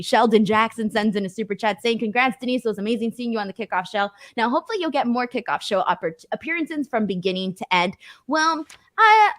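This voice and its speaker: A woman hosting a casual wrestling talk show, chatty and quick to laugh, reading viewer messages aloud. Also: medium pitch. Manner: chatty, laughs easily, self-correcting. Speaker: host. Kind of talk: casual chat, reading super chats aloud.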